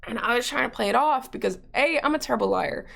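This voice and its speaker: A woman's voice: fairly high pitch, lively intonation, fast talker, vocal fry, a bit bright. A young woman hosting a podcast, telling a story in casual chat, swearing freely and acting out quotes. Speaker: podcast host.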